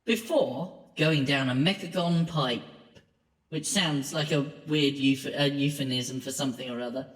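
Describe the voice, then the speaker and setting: A man's voice: medium pitch, a little slow, a bit bright, echoey room, recorded from a distance, rough recording. A man talking through a voice changer filter, making wry, offhand remarks. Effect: in-game voice changer filter.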